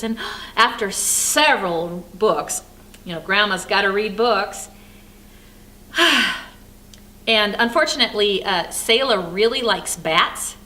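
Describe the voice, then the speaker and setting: An older woman pastor telling a personal story as a devotional sermon, animated and then soft and reflective. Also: a little high.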